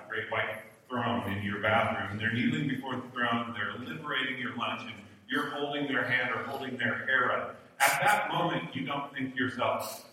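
A man's voice: mid-range voice, sharp tone, a little hiss or hum. A man preaching a sermon in a conversational, humorous way. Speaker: pastor. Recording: echoey hall from far off.

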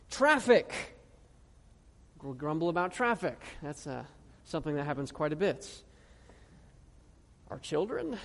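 High-voiced preacher in a reverberant hall. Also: male voice, very animated. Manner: earnest preaching with rhetorical questions and slow emphatic scripture reading. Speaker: pastor. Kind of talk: sermon. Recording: long reverb of a large hall.

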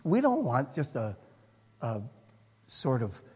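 A man preaching a sermon as pastor, earnest, moving between hushed and emphatic passages. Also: mid-range voice, huge pitch swings, slow, breathy edge. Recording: long reverb of a hall.

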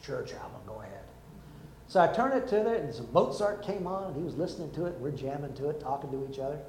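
A man's voice: on the high side, fast, echoey room, a little hiss or hum, poor audio. An older man preaching a sermon, telling stories and acting out the people in them. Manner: lively storytelling, acts out quotes. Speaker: preacher, former army chaplain.

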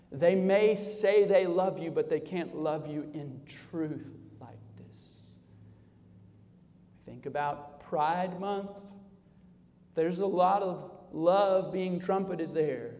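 A male pastor preaching a sermon, dropping low and quiet, then rising loud for emphasis. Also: long reverb tail. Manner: preaching with sharp swings between soft low passages and loud raised emphasis. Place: church sanctuary.

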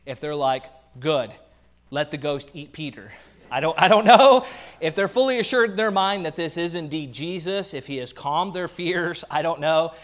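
A pastor delivers a sermon with animated energy, slipping in playful asides. His voice sits high for a man. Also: moderate pace.

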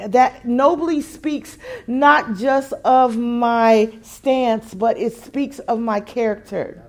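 A woman preaching a sermon, musing quietly at times and building to emphatic, repeated phrases at others. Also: on the high side, slow.

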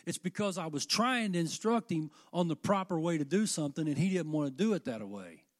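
An older man delivers a sermon with fervent energy, his fairly high voice climbing into loud passages and then dropping to quiet, earnest stretches. He speaks directly to his congregation. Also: animated, brisk. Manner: fervent, rising and falling delivery. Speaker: preacher.

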